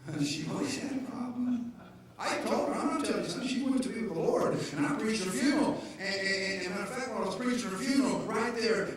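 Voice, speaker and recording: A man preaching an animated sermon as pastor, joking and shouting to his congregation. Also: high-pitched, quick pace, slight background noise. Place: church sanctuary. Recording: echoey church hall heard from far off.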